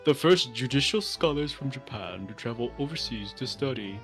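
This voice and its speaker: A man's voice: mid-range voice, animated, normal speed, natural voice. A man reading as a wistful older scholar. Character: older male judicial scholar reminiscing. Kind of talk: reading game dialogue aloud. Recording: faint music behind.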